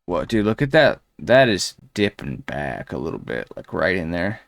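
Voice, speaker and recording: A man's voice: low voice, big pitch swings, moderate pace, gravelly. A man hosting a commentary show, crudely mocking a video with a rambling, sneering delivery full of fillers. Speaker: commentary host.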